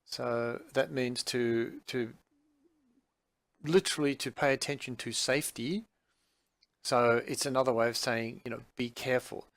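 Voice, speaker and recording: A man teaching a vocabulary lesson in an unhurried way, with many fillers and restarts as he explains each word. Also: medium pitch, fairly even intonation, fairly bright tone, dry recording. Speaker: Chinese language teacher.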